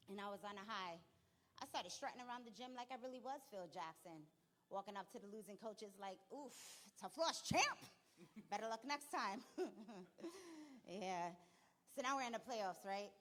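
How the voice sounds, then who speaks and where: A young woman telling an animated stand-up story on a comedy club stage, acting out people in quick bursts. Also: medium pitch.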